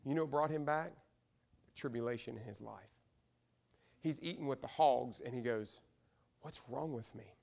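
A man with a Midwestern American accent preaching a sermon in a church, swinging from loud, emphatic repeated lines to hushed asides. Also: medium pitch, moderate pace, creaky, long pauses. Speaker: pastor. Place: church sanctuary.

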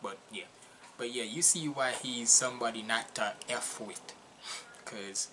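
A man with a non-native English accent hosting a casual reaction video, chatty and excitable, laughing often. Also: mid-range voice, a little slow, noisy background.

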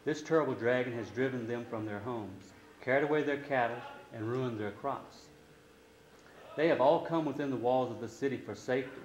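A man's voice: medium pitch, normal speed, roomy sound, lo-fi sound, lightly acted. A man voicing a frightened young princess in a storybook, pleading anxiously.

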